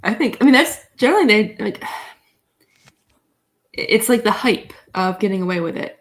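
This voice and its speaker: A woman's voice: mid-range voice, animated, a little slow. A woman guest on a casual podcast, chatting and reacting in loose sentences that often trail off. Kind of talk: casual chat.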